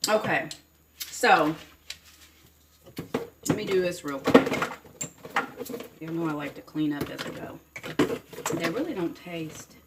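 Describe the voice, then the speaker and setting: This cooking vlogger has a deep voice with vocal fry and a Southern US accent, chatting folksily and at length to camera as she cooks at home and addresses viewers as honey and baby. Heavy background noise fills the roomy kitchen, including faint clatter of dishes and cutlery and other cooking sounds.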